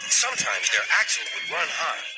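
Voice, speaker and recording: A man reads a children's train story aloud with a high, lively voice that rises and falls a lot. Music plays behind him. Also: moderate pace, rough recording. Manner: lively, expressive reading. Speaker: narrator. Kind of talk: storybook narration.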